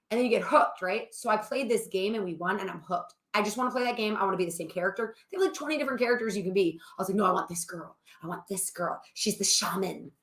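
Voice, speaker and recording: A chatty woman with a bright, forceful voice tells long, winding stories at home. Her higher-pitched voice rings in an echoey room. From New Orleans area. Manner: chatty, rambling storyteller. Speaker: co-host, wife of the host. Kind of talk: casual chat.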